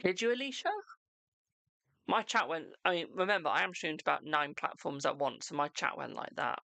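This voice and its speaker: A British man hosts a live tarot stream in a bright, forward, slightly high voice with a gravelly edge, expressive and recorded dry and close with no room sound. Affectionate and chatty, he calls viewers "my darling," reading chat questions aloud and answering them quickly.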